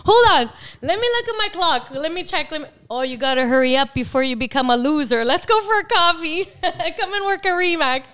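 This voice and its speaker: A woman imitating her father, a boisterous Italian immigrant recruiter, with a loud, teasing Italian accent. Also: high-pitched, brisk, hardly any pauses, voice pushed up.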